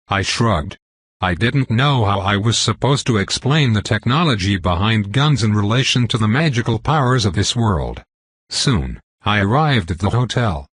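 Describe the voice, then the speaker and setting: A man in scripted narration of a fantasy story, reading in an even, plain way with a husky voice. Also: on the low side, moderate pace, no room sound.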